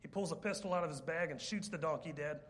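Joking preacher man with a bright voice. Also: fairly high pitch, fast talker. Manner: lively, joking, rambling with asides. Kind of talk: sermon storytelling.

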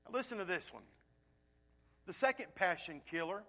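Pastor preaching, voice a bit high, gets loud on big points then goes quiet. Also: male voice, animated, moderate pace, long pauses. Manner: earnest preaching, swings between loud emphasis and hushed asides. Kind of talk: sermon.

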